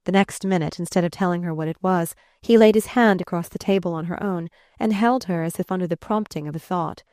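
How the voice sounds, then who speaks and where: A woman reads a classic novel aloud in a measured, expressive audiobook style. Her voice sits somewhat low, and the recording is dry and close, with no room sound. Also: no room sound. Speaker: audiobook narrator.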